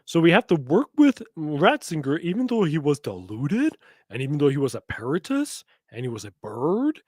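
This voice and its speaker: Sarcastic man with lively pitch. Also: dry recording, studio quality. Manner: sarcastic, mocking, quick asides. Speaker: podcast host. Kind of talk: sarcastic commentary on played clips.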